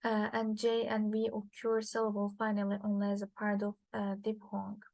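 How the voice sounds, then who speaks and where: A woman whose first language is Turkish, reading a linguistics lecture from slides, halting with frequent fillers and restarts. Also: medium pitch, completely flat delivery, creaky, darkish tone, dry recording, rough recording.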